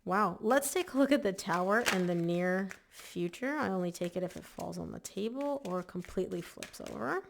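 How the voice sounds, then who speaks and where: A woman's voice: medium pitch, lively intonation, moderate pace, creaky, hardly any pauses, slight background noise. A woman giving a casual, chatty tarot reading to camera, emphatic and full of "like" fillers. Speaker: tarot reader.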